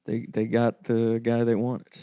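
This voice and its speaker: Male guest, mid-pitch plain voice, halting and musing, repeats words, dry close sound. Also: monotone, warm tone, clean tone, no room sound. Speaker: podcast guest. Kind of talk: casual comedy chat.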